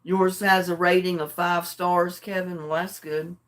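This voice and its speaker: An older woman chatting casually with her livestream viewers, drowsy and relaxed, homey and chuckling often. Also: lowish voice, a little slow. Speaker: livestream host. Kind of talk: casual chat with live viewers.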